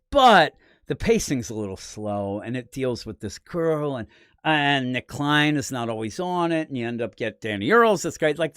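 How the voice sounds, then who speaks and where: A man's voice: mid-range voice, no echo, studio quality. Rambling, opinionated man from Philadelphia. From Philadelphia area, USA. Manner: rambling, opinionated, animated asides. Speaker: comics podcast host. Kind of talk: casual comic book preview commentary.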